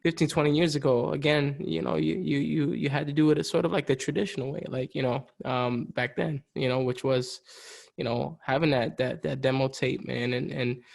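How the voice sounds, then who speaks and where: A man's voice: medium pitch, fairly even intonation, normal speed, vocal fry, a little mellow. A middle-aged man, a musician guest on a podcast, chatting casually and telling stories full of fillers and "you know". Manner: rambling storyteller, heavy fillers, frequent "you know". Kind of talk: casual chat.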